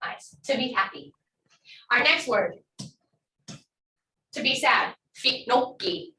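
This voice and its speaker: A woman's voice: fairly high pitch, expressive, slow pace, sharp tone, roomy sound, far from the mic, a little hiss or hum, poor audio. A woman teaching a language class online, upbeat and encouraging as she models words for students to repeat.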